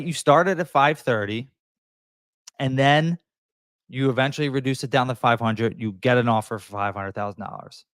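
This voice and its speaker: A man's voice: mid-range voice, fairly bright tone, no echo, studio quality. A man, a real estate agent giving emphatic advice straight to camera and briefly acting out frustrated buyers and sellers. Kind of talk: direct-to-camera advice talk.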